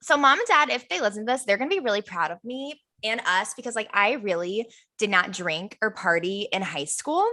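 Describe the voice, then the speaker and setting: A woman's voice: medium pitch, animated, a little fast, few pauses, pushed and bright. Bubbly young woman telling a story. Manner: bubbly storyteller, acts out quotes. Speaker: podcast co-host. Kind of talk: casual chat.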